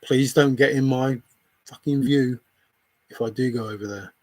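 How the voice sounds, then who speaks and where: A man's voice: mid-range voice, moderate pace, darkish tone, dry recording. A man livestreaming, confronting a viewer in chat with an angry, repetitive, swearing rant.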